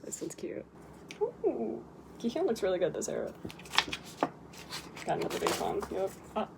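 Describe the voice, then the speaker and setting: A young woman casually chatting through an unboxing, excitable and chatty, gasping and swearing at cute finds. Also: mid-range voice, normal speed, vocal fry. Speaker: vlogger unboxing K-pop merchandise. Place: bedroom with posters. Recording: home recording with audible background noise.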